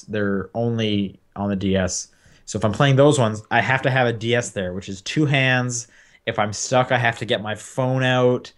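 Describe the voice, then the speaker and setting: A young man talks casually about games on a podcast, his voice sitting at an ordinary middle pitch. He rambles loosely, piling up fillers and restarts as he thinks aloud. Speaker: podcast co-host. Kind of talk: casual game chat.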